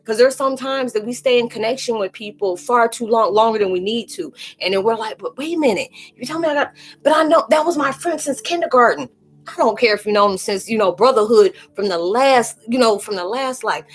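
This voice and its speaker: A woman hosting a casual livestream tarot reading, talking loosely and rambling, often acting out quoted voices. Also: fairly high pitch. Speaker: spiritual tarot reader hosting a live chat.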